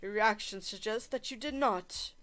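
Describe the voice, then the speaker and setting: A woman voicing a smug, cruel older man who speaks with slow, polite menace. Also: mid-range voice, fairly bright tone, close to an everyday voice. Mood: taunting.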